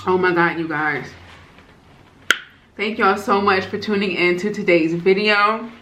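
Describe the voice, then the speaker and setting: A woman vlogging as she eats, savoring her food in slow, drawn-out casual talk, stretching and repeating words and calling her viewers y'all and you guys. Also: medium pitch, fairly bright tone. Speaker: mukbang vlogger. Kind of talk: casual eating vlog chat. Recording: echoey room with faint ambient noise.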